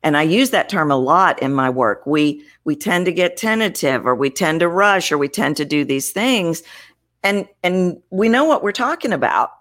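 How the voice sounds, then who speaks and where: Woman voice coach, very low pitch, expressive interview answers. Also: normal speed. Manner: expressive, demonstrates vocal variety while explaining. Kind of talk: interview conversation.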